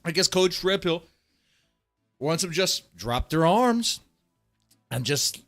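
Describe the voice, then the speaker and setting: A man from Texas ranting on a livestream, profane and heated, swinging between loud outbursts and low muttering. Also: sing-song, takes it slowly, pauses often, faint music behind. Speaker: streamer. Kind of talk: livestream rant.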